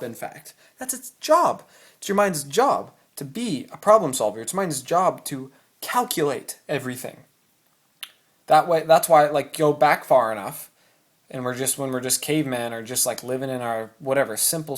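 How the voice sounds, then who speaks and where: A man talking casually and animatedly to camera about choosing your thoughts, at home. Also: on the high side. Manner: animated, acts out anxious inner thoughts. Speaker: self-help vlogger. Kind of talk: casual motivational talk to camera. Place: room at home.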